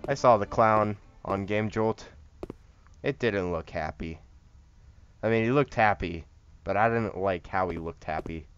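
A man's voice: lowish voice, a little slow, long pauses, a bit bright, clear, resonant tone, dull audio, soft background music. A man giving casual, joking commentary while playing a horror game, rambling and chatting to the things on screen. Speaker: horror game let's-player.

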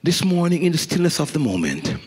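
A middle-aged man preaching a sermon as a guest preacher, swinging from animated storytelling to hushed intensity. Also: on the high side, brisk, husky. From Jamaica. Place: church sanctuary. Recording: echoey church hall.

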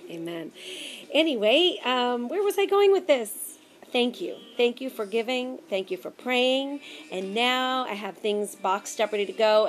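A woman gospel singer giving a bubbly, effusive video update to her supporters. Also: on the high side. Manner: bubbly and effusive, says darling. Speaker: gospel recording artist. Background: faint music with a man singing.

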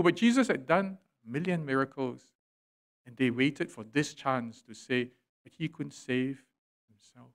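A male pastor, preaching a sermon in church, swelling loud and dropping quiet for emphasis. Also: mid-range voice, unhurried. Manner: preaching with dramatic swells and drops in volume. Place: church sanctuary.

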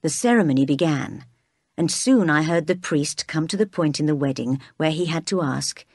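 A woman narrates a storybook read-aloud, steady and clear. Her voice sits a little low. The sound is dry and close to the mic. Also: normal speed, no room sound.

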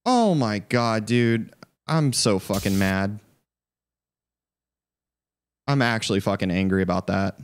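A man's voice: on the low side, animated, slow, long pauses, a little hiss or hum. A swearing man streaming a game. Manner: swearing, frustrated outbursts. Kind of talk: live gameplay commentary.

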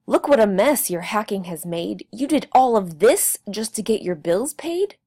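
Loud scolding tree guardian guy, storybook, swoops up and down, a lady reading him out. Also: medium pitch, lively intonation, moderate pace, breathy edge, no room sound, clean studio sound. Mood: angry. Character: angry green-crested male tree guardian.

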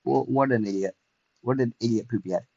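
A young man, chatting casually and excitably through a livestreamed game, self-mocking and full of fillers. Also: mid-range voice, a little fast, vocal fry, dull audio. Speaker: streamer. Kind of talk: casual livestream gameplay commentary.

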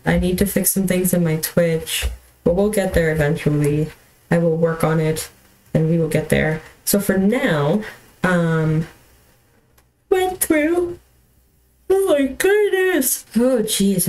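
A young woman streams a video game from home, her fairly low, slightly mellow voice coming through poor audio. She chats in a rambling way, full of fillers and restarts, and keeps apologizing with a laugh.

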